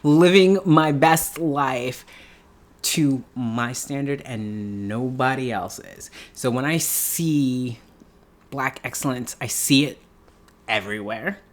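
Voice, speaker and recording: A woman's voice: a bass voice, slow. A middle-aged woman from New York talking casually in a vlog, chatty and emphatic, laughing often and repeating herself for effect. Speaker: beauty YouTuber.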